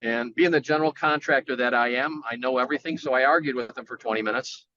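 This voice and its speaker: Bright, animated man telling a story. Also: medium pitch, fast, dull audio. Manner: animated storyteller who acts out quoted people in a raised voice. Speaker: guest, general contractor. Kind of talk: casual storytelling.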